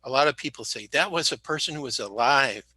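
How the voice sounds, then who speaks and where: A man appearing as a guest in a casual interview talks fast in a medium-pitched voice with a sharp tone and a breathy edge. He rambles, jokes, and corrects himself mid-sentence, and he sounds slightly sick.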